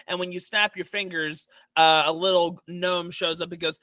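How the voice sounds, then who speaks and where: A man narrating as dungeon master in a tabletop game, halting with many fillers and restarts. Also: high-pitched, bright, forceful tone, no room sound.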